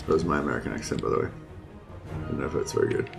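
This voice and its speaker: Man, very low voice, casual gameplay chat, lots of ums, game music behind. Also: very fast, vocal fry. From Australia. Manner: chatty, thinking aloud with many ums. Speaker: streamer.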